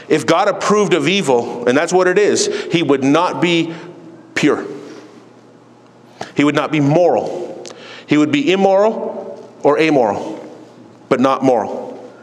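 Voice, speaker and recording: A man pastor preaching a sermon in church, forceful, with mocking quoted voices. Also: on the high side. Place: church sanctuary. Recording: long hall reverb.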